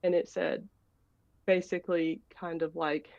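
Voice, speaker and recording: A woman's voice: fairly low pitch, steady tone, slow, gravelly, pauses often, a little mellow, dry recording. A woman on a video call tells a rambling, hesitant story to ask a question. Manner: rambling, hesitant, many fillers and restarts. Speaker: caller asking a question. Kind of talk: casual personal story. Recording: dull, dry, lo-fi call audio.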